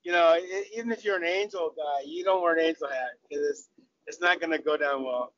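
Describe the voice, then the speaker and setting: A man's voice: on the high side, fairly quick, fairly bright tone, dry recording. An older man from Southern California with an American accent, a cricketer guest telling stories in a casual, chatty interview with lots of restarts. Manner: chatty, laughing, many restarts. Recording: dull lo-fi audio.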